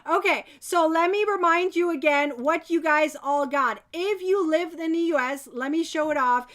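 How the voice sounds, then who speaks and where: A woman hosting a live crochet giveaway stream, chatting to viewers and cheering on winners. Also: sits high. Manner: bubbly, cheering, quick bursts of excitement. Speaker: crochet channel host running a giveaway.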